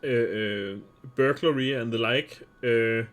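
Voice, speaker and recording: Male game streamer, mid-range voice, halting live commentary. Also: medium pitch, a bit bright. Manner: hesitant, many filler sounds.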